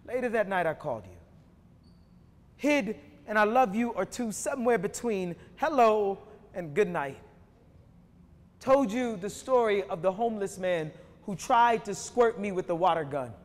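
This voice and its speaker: A man performing slam poetry before an audience, rhythmic, with emphatic rises between relaxed, joking asides. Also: high-pitched, measured pace. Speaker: performance poet. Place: university hall before an audience. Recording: long hall reverb from a live stage.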